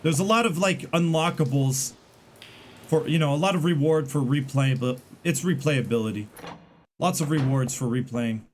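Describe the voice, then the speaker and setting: Rambly streamer guy chatting while he plays, kinda high voice, bit of hiss. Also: moderate pace. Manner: rambling, chatty, many fillers and restarts. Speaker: game streamer. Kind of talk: casual gameplay commentary.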